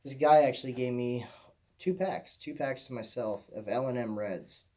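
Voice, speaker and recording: A man's voice: medium pitch, moderate pace, warm tone. A young man from Michigan telling a rambling personal story as a vlogger, swearing casually and often repeating himself. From Michigan, USA.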